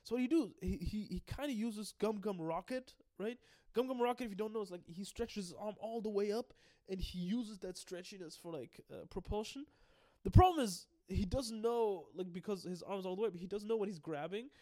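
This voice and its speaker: A man in a casual anime episode recap who talks excitably, swears a lot, laughs often and rambles with many restarts. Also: sits high, a little fast, no echo, clean studio sound.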